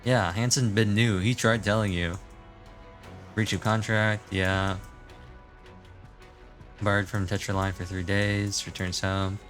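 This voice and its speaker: Low-voiced man reading game narration. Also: level tone, takes it slowly, long pauses, a bit bright, soft background music. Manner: casual, musing, reads narration aloud. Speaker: streamer reacting to a game. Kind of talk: reaction commentary, reading game text aloud.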